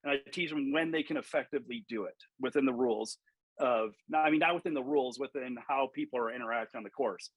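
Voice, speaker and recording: A man's voice: medium pitch, fast talker, slightly rough, no echo, low-quality recording. A man who coaches golf, telling stories animatedly in a podcast interview, acting out quotes and swearing freely.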